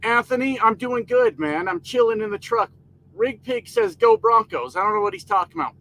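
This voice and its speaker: Sitting in the cab of his parked truck, a man live-streams in a very high-pitched, creaky, slightly bright voice at normal speed. He reads comments, greets viewers by name, and jokes around casually, though the audio is poor.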